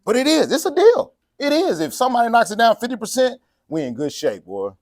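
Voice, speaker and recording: A man's voice: very high voice, wildly swooping pitch, a little fast, darkish tone, no room sound, studio quality. A man preaching a casual, joking sermon, laughing often and acting out the people in his story. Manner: folksy and joking, laughs often, acts out quotes. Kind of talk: conversational sermon.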